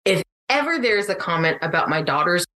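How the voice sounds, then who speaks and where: A woman co-hosting a casual podcast, lively and emphatic, often laughing as she talks. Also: fairly low pitch, fairly quick. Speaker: podcast co-host.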